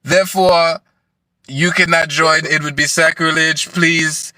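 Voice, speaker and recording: Man putting on a formal recruiting official, stiff delivery, bright and dry. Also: fairly high pitch, steady tone, a little slow, no echo, poor audio. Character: curt male military recruitment official.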